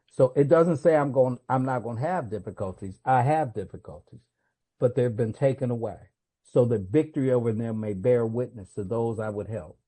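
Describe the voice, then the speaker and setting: A man's voice: mid-range voice, normal speed, dark tone. A man, a guest speaker at a recovery meeting, answers a question with earnest, confessional storytelling. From United States.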